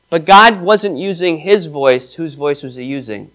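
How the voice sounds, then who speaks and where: A man's voice: a little high, animated, measured pace, hardly any pauses, fairly bright tone. A male pastor preaching a sermon to his church, reading scripture aloud and putting questions to the congregation.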